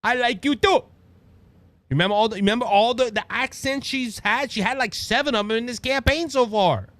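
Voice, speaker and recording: A man with a Cajun Louisiana accent hosting his own show, giving animated, mocking political commentary full of restarts and asides. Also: very high voice, brisk, no echo. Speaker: podcast host.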